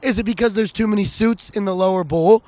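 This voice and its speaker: A man's voice: high voice, fast talker, darkish tone, dry recording. A man co-hosting a casual sports podcast outdoors in the cold, analytical and impassioned. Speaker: podcast co-host.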